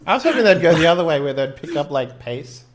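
A man's voice: fairly high pitch, big pitch swings, fast talker, crowd noise. A man playing a tabletop game, chatting casually and laughing. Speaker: player.

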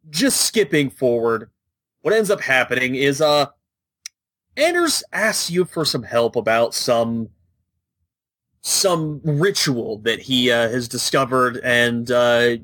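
A man co-hosting a casual gaming podcast, telling the story with animated jokes. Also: mid-range voice, no room sound. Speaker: podcast co-host.

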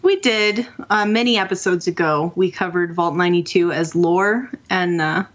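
A woman's voice: lowish voice, normal speed, muffled recording. A woman co-hosting a casual gaming podcast over a call, chatty and enthusiastic as she reads out listener messages. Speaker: podcast co-host. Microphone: remote call mic.

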